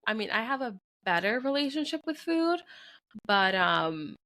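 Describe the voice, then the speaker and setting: A woman's voice: on the high side, big pitch swings, normal speed, sharp tone. A young adult woman, a podcast co-host and mother, talking candidly and from the heart in casual chat, with many "like" fillers. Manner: candid, heartfelt, heavy use of "like".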